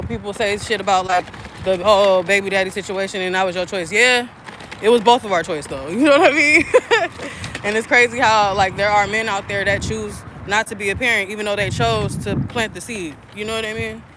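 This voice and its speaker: Bright-voiced woman around 30 on a casual live chat, rambling, swears a lot. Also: mid-range voice, brisk, a little hiss or hum. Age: about 30. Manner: candid, profane, rambling with frequent fillers. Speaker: spiritual content creator and mother.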